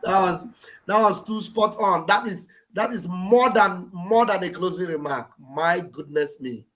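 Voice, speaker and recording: High-pitched male live-show host. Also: unhurried, noisy background. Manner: encouraging, repeats phrases. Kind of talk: live online talk show.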